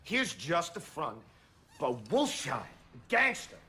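A sneering, short-tempered rich man in a film drama. His voice swings wildly up and down in slow, deliberate phrases with a bright, hard edge. He talks down to everyone and snaps into shouting. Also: fairly high pitch, wildly swooping pitch, exaggerated voice. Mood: scornful. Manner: scornful, bursts into shouting.

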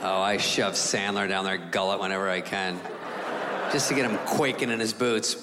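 A man doing stand-up comedy, animated, jumping into other voices and sound effects. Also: low-pitched, normal speed, heavy background noise. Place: comedy stage before an audience. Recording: live in a hall with crowd laughter.

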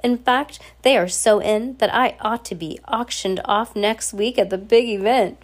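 A woman's voice: medium pitch, unhurried, close to an everyday voice. A woman with a cold voicing a vain, wealthy guardian who talks in a haughty, bossy and impatient way. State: has a cold, scratchy throat.

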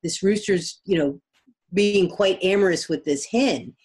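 A woman's voice: fairly low pitch, a little slow, darkish tone, husky. A woman voicing a polite, eager young male farm attendant in an anecdote. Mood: earnest.

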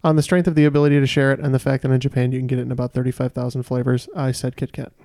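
A man co-hosting a casual podcast with friends, joking around in quick banter. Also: medium pitch, level tone, vocal fry, warm tone, no room sound, studio quality. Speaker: podcast co-host.

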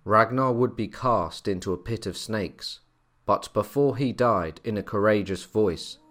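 A man giving a measured, scripted narration of a historical tale. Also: on the low side. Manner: measured, storytelling delivery. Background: soft music.

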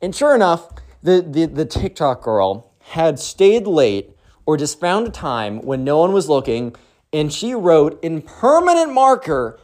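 Excitable, slangy young man telling a story. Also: on the high side, unhurried. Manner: slangy, excitable, lots of 'bro' and 'like'. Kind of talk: casual storytime vlog.

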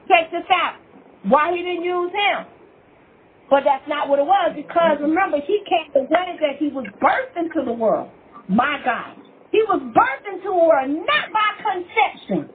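A woman preacher delivering an impassioned, emotional sermon. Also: very high-pitched. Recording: tinny phone-like line with faint hiss.

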